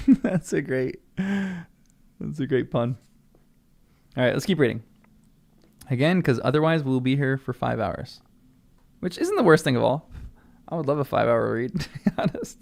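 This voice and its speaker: American man, gravelly read-along host, chatty and musing, frequent laughs. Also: medium pitch, animated, unhurried, pauses often. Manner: chatty, laughs often, muses out loud. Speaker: channel host reading a book. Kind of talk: read-along with casual commentary.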